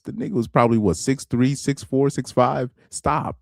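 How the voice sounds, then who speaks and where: A man commenting on a live stream in a halting way, often repeating words and reading quotes aloud. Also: medium pitch, gravelly, no room sound, clean studio sound.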